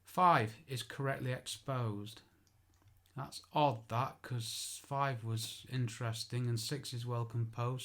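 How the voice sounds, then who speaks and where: A man's voice: medium pitch, fairly even intonation, slow, a bit bright. A man who works as an architectural photographer, giving an informal spoken tutorial. He chats, makes self-deprecating asides and corrects himself aloud.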